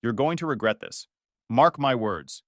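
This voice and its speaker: A man's voice: medium pitch, measured pace, dry recording, clean studio sound. A man voicing a firm, protective uncle who works as a construction foreman. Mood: cold anger. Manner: firm, cold and calm.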